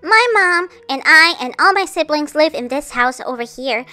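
A woman's voice: sits high, animated, moderate pace, bright, forceful tone. A woman voicing a caring, cheerful girl doll who comforts and reassures. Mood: kind. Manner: soothing, reassuring.

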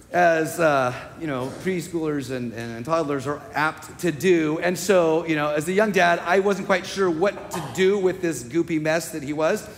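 A male pastor delivers a heartfelt sermon at a slow, deliberate pace, his voice sitting high. His phrases swell into emphatic repetition. The sound carries the long reverb of a church sanctuary.

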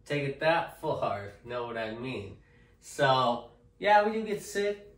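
A man's voice: medium pitch, sing-song, a little slow, distant mic. A man chatting casually to camera in a joking, rambling way, often tagging lines with okay. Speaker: vlogger. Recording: echoey room, off-mic.

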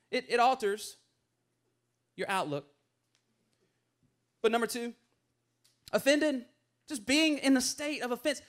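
Male pastor, very high voice, lively and playful sermon delivery. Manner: animated, playful, acts out voices in stories.

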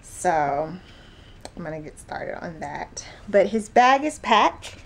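A young pregnant woman chatting in a relaxed home vlog, laughing often and letting her words trail off softly. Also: fairly low pitch, slow, vocal fry. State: pregnant, awaiting labor. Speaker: vlogger. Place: home, indoors.

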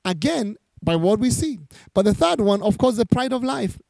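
A male pastor preaching a sermon, his voice pitched high but mellow in tone. He reads scripture passages and goes back over key lines for emphasis, in a dry, close recording. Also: expressive, normal speed, gravelly, dry recording.

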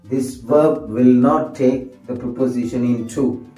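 Slow, deep-toned man teaching grammar. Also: mellow, distant mic. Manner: slow, repetitive, says sentences over and over; answers himself with "yes". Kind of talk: grammar lesson. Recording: echoey room, voice set off from the mic, faint music.

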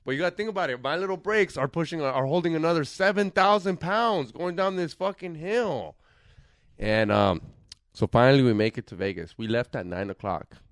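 A man's voice: a little high, normal speed, dry recording, clean studio sound. A young man, telling a rambling road-trip story in casual podcast chat and slipping in Spanish slang. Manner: animated storyteller, mixes in Spanish slang and quoted voices. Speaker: podcast co-host. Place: podcast studio.

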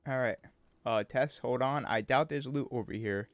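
A man's voice: mid-range voice, normal speed. Joking young man commenting on gameplay. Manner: joking, excitable. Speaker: gaming channel host. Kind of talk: let's play commentary.

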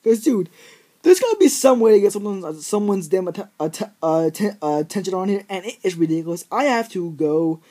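A man's voice: high-pitched, sing-song, a little fast, dark tone. A teenage guy vlogging, ranting in an exaggerated, rambling way with lots of fillers. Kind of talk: ranting vlog monologue.

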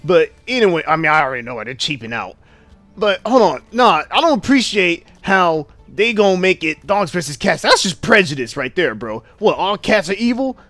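A man's voice: high voice, big pitch swings, normal speed, a bit bright, no echo, soft background music. A young man hosting game commentary, brash, profane and mocking as he plays. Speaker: gaming channel host.

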